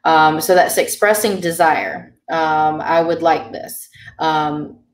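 A woman's voice: low-pitched, steady tone, slow. A woman teaching a beginner language class, explaining grammar patiently with frequent ums. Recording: roomy sound from a distant mic.

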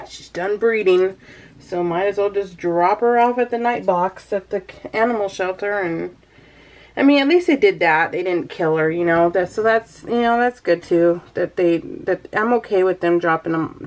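Young adult woman, congested with flu, casual rambling vlogger, frequent sighs, middle pitch. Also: a little mellow, low-quality recording. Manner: chatty, rambling, sighs often. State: stuffed up from the flu. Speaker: scrapbooking vlogger. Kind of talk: casual chat while crafting.

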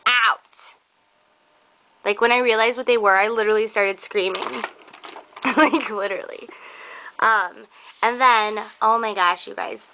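A young crafting vlogger shows off craft gifts on camera in a casual show-and-tell unboxing, gushing and effusive about everything. She speaks slowly and drawn out in a fairly high, bright, forceful voice on a low-quality recording.

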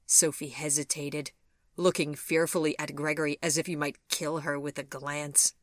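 Woman, audiobook narrator, low voice, slow, measured, dry close recording. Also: level tone, a bit bright, no room sound. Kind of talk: storybook narration.

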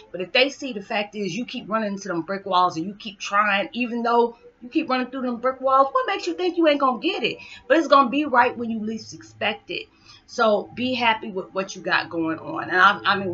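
A woman's voice: on the low side, sharp tone. A young woman vlogging heartfelt spiritual encouragement to her viewers, hyper and rambling, close to tears at times. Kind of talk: heartfelt motivational talk to viewers. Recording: slightly dull lo-fi sound with faint background music.

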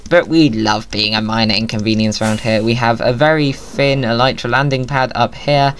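A man's voice: medium pitch, fairly even intonation, normal speed, a bit bright, clear, resonant tone. A man giving playful, jokey commentary over his own gameplay, often talking to himself. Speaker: Minecraft video creator.

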